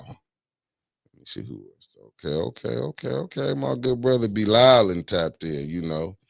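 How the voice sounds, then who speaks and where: A man's voice: low-pitched, dry recording, clean studio sound. A man hosting a casual morning livestream, greeting viewers one by one in a laid-back, slangy way and repeating his catchphrases. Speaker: livestream morning show host.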